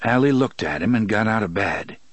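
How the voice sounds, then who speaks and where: With a low voice, a male narrator reads a scripted audiobook in an even, measured storytelling style. The recording is dry.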